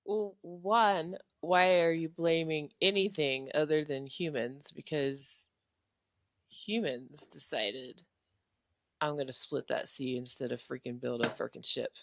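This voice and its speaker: A woman's voice: low voice, slow. A woman hosting a podcast in casual chat, blunt and swearing, laughing often. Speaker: podcast host.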